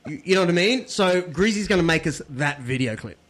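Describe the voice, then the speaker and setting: Lively joking man. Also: a little high, brisk. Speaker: podcast host. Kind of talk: casual chat.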